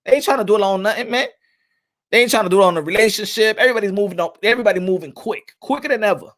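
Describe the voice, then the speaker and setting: A man with a very high, bright, forceful voice hosts a boxing talk show. He riffs to his viewers with animated, hyped emphasis and stretched-out words. His delivery is loose and unscripted, like live commentary chat.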